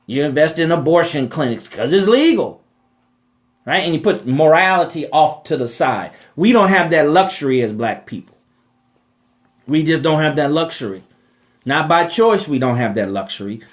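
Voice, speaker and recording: A man with a fairly high, animated voice speaks at a normal pace while hosting a live Q&A about money. He preaches emphatically, repeats phrases, and caps lines with rhetorical "right?" asides.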